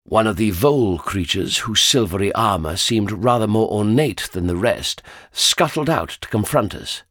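Brief: low husky male storyteller, expressive, dry close mic. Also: moderate pace, no room sound. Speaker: audiobook narrator. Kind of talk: first-person scripted narration.

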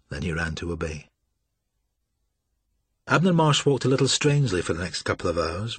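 A man narrating an audiobook with a low, husky voice and measured, steady delivery. The sound is close and dry, with no room around it. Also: dry recording. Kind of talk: scripted narration.

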